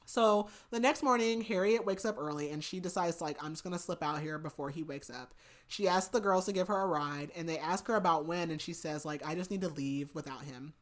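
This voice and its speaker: A woman's voice: low voice, a little fast. A woman co-hosting a book podcast, casually retelling a novel's plot with lots of "like" and "um". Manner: chatty retelling with many likes and ums. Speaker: podcast co-host.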